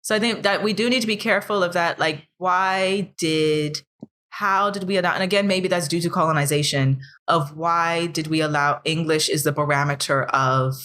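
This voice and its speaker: American woman on a podcast, kinda low voice, earnest, gets animated making her point. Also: normal speed. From United States. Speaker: podcast co-host. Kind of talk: casual podcast discussion.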